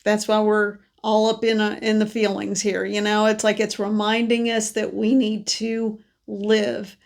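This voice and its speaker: A woman who reads psychic cards delivers a soft, meandering spiritual monologue with many pauses and restarts, her nose stuffed up from allergies. She speaks in a gravelly, medium-pitched voice with little pitch movement.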